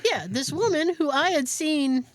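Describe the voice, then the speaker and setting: A woman podcast host telling a story in casual chat, animated, profane and self-mocking. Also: high-pitched, measured pace, no echo, clean studio sound.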